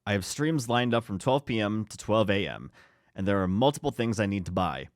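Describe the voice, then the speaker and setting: Low-voiced man reading stories, swearing. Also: lively intonation, brisk, no room sound, studio quality. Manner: swearing, joking, laughs at own slips. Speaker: podcast co-host reading stories. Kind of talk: casual chat and reading aloud.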